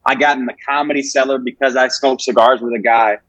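A man's voice: medium pitch, fairly even intonation, fast, fairly bright tone, no room sound, rough recording. A man, a comedian chatting casually on a podcast and telling rambling, profane stories. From Alabama, US. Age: 20s. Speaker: comedian guest.

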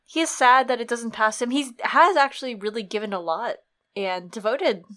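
A woman's voice: a little high, moderate pace, sharp tone. Chatty woman rambling about a book. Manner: chatty, rambling, lots of fillers. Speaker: podcast co-host. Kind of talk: casual book discussion.

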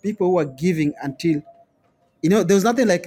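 High-voiced Kenyan man, animated storyteller. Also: brisk. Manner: animated, repeats words, laughs often. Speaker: interview guest. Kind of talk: storytelling in conversation.

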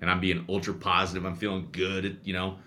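Deep-voiced coach, bright and animated. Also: male voice, a little fast, a little hiss or hum. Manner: animated storyteller, many restarts and repeats. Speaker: youth baseball coach. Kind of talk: casual chat.

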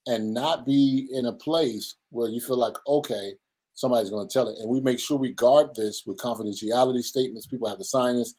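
A man's voice: mid-range voice, brisk, hardly any pauses, mellow, low-quality recording. Earnest preacherly man in an interview. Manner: earnest, preacherly, acts out quoted voices. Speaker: guest, pastor and men's ministry leader. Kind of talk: conversational interview.

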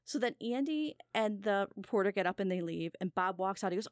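A woman's voice: medium pitch, brisk, dry recording, clean studio sound. A woman in casual conversation, telling a long anecdote and acting out the people in it, laughing often. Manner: animated, acts out quoted voices, laughs often. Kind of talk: casual chat, storytelling.

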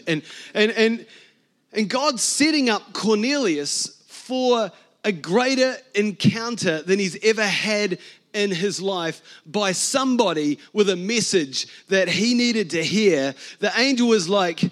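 A middle-aged man with a New Zealand accent preaching a sermon. His voice sits high for a man, and he keeps things conversational, lively and full of asides and jokes. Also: unhurried. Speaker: pastor.

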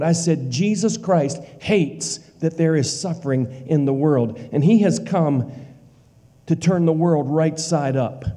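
A man preaching a sermon with emphasis. He repeats lines for weight and drops to a hush on key words. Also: fairly high pitch. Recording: long hall reverb.

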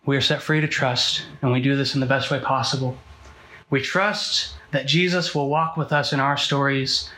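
A man's voice: mid-range voice, sharp tone, poor audio. A young man giving an earnest, emphatic sermon at a student ministry, building his points through repetition.

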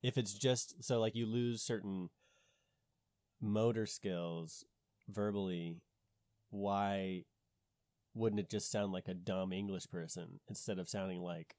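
A man talking casually with a low, mellow, darkish voice. He questions things skeptically and thinks out loud, restarting his sentences. The sound is dry and close. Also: fairly even intonation, a little slow, no room sound. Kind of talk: casual conversation.

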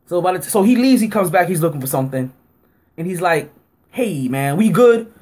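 A man hosting a sports podcast, telling a story casually, acting out both sides of an argument and filling his talk with "like" and laughter. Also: fast talker. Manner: animated, acts out both sides of an argument with rising pitch; heavy use of fillers like "like" and frequent laughter. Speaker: podcast host.

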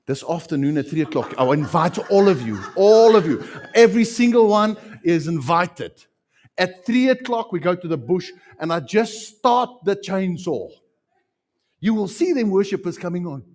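Animated preacher man. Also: high voice, unhurried. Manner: animated, acts out quotes, repeats phrases for emphasis. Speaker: pastor. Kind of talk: sermon.

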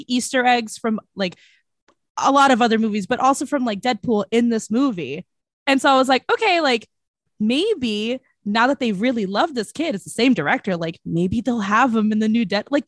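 A woman's voice: on the high side, no room sound, clean studio sound. Bubbly giggly young woman chatting. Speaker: podcast co-host. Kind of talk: casual movie review chat.

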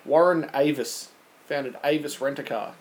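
A man's voice: mid-range voice, measured pace, a little hiss or hum, low-quality recording. A man from Australia hosting a quiz in casual chat, joking and teasing while reading out the questions. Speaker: quiz host of a podcast.

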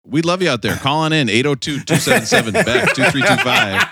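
Man, podcast host, bright lively voice, jokey banter. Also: fairly high pitch, a little fast, slightly rough, no room sound, clean studio sound. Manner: lively and joking, laughs often.

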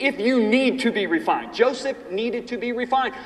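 A man in his fifties teaching a class in a sermon style, telling personal stories and reading scripture slowly and emphatically. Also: extremely high pitch. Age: 50s. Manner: animated storytelling, reads scripture slowly and emphatically. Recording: echoey hall from far off, faint ambience.

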